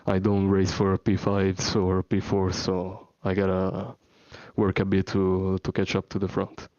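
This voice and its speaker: A man's voice: deep voice, completely flat delivery, a little slow, darkish tone, no room sound, muffled recording. A man with an Italian accent, a sim racing driver, talking hesitantly with many fillers in a post-race interview. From Italy. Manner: hesitant, lots of fillers and restarts.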